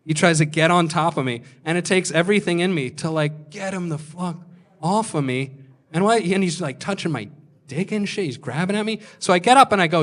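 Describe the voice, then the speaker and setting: Man, stand-up comic, fairly high voice, deadpan storytelling, club stage mic. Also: brisk. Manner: deadpan delivery with acted-out quotes. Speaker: stand-up comedian.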